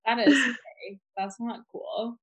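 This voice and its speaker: A woman's voice: fairly high pitch, slow pace, fairly bright tone. Young woman rambling in casual podcast chat. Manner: rambling, heavy use of "like". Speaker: podcast co-host.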